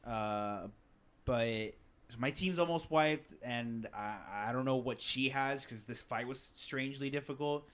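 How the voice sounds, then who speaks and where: A man's voice: mid-range voice, a little slow, fairly bright tone. A man with an ordinary mid-range voice chats on a gaming podcast. He tells stories with plenty of swearing and acts out the game characters as he goes. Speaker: podcast co-host. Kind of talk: casual gaming chat.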